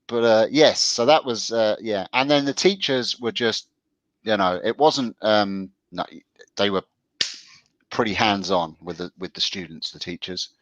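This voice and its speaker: A man's voice: a little slow, no echo, dull audio. A man co-hosting a casual show, telling stories in a chatty way with frequent laughs. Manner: chatty storyteller, laughs often, lively pitch. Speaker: co-host. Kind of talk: casual chat.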